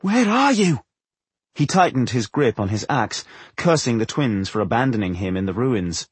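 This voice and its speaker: A man narrating a fantasy novel as an audiobook, telling it in an expressive way. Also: on the low side, normal speed, husky, no room sound. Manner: expressive storytelling.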